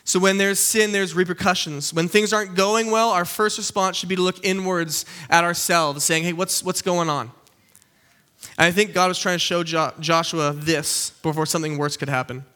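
A young man preaching a casual teaching sermon, animated and conversational, often checking in with his listeners. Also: high voice, moderate pace, hardly any pauses, clear, resonant tone.

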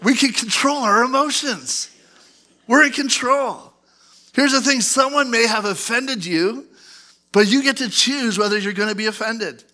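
A male pastor in his thirties preaching a sermon in church, animated and acting out angry outbursts. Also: high-pitched. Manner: animated, acts out outbursts in a loud put-on voice.

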